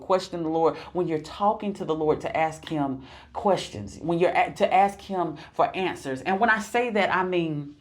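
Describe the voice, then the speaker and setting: A woman co-hosting a podcast, talking about faith with a repetitive, emphatic, preacher-like cadence. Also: on the low side. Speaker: podcast co-host. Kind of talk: preaching-style faith chat.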